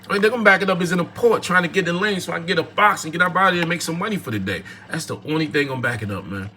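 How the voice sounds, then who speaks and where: Man w/ aave going off on a live stream, bright edgy voice, kinda high, faint hiss behind. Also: lively intonation, very fast. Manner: emphatic, repetitive, preachy. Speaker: livestream host. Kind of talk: casual live talk.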